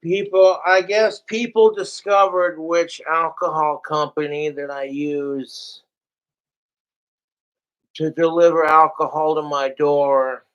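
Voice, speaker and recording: A man's voice: fairly high pitch, level tone, slow pace, fairly bright tone, clean tone, highs cut off. A young man livestreaming from home, rambling and swearing in a frustrated, casual monologue. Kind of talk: casual live-stream monologue.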